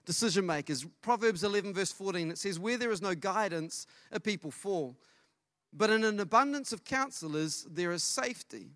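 A middle-aged man preaching a sermon as pastor, lively and storytelling, acting out dialogue. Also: sits high, normal speed, no echo, studio quality. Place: church service.

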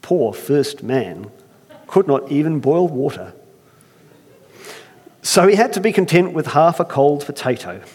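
A male pastor giving a sermon, conversational and self-deprecating, slowing down to tell a once-upon-a-time story. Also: mid-range voice, a little mellow, in a large hall.

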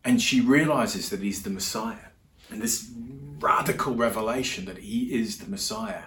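A man's voice: fairly low pitch, normal speed, fairly bright tone. Male preacher, chatty sermon, lots of restarts, roomy church echo. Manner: conversational storytelling with many restarts. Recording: roomy hall echo with faint ambience.

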